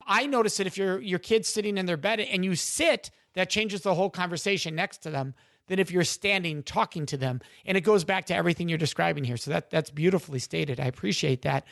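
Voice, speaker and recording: A man hosting a podcast interview, asking questions with enthusiasm and warm appreciation. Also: sits high, fairly quick, creaky, no echo, studio quality. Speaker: podcast host.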